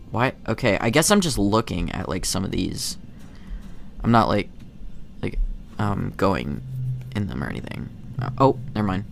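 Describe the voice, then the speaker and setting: A man's voice: on the low side, vocal fry. A man casually commenting on a game and reading its text aloud, chatty and self-deprecating. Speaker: gaming channel host.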